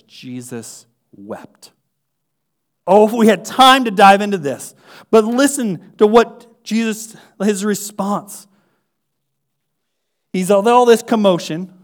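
High-voiced impassioned male preacher. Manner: swings from hushed near-whispers to loud, fervent emphasis; impassioned, repeats phrases for rhetorical build. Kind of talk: sermon.

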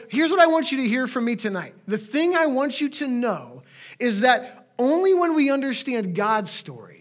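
A man's voice: very high voice, fairly bright tone. A man preaching a conversational sermon as a pastor to his congregation, with friendly asides.

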